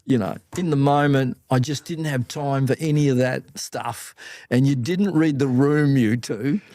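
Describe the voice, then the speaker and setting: An older man with an Australian accent, a podcast guest telling business stories in a lively, blunt, salty way. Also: mid-range voice, unhurried, no echo, studio quality. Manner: animated anecdotes, blunt and salty. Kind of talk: casual interview storytelling.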